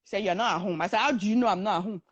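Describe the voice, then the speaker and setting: A woman's voice: medium pitch, very fast, slightly rough, dry recording. A young woman, telling her own story in a casual talk and acting out the voices of the people in it. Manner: animated, acts out the voices of others in her story.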